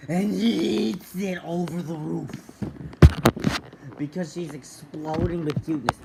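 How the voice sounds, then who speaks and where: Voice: mid-range voice, measured pace, gravelly, heavy background noise. A vlogger rambling through a silly made-up story with lots of ums and asides. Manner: silly, rambling, many fillers.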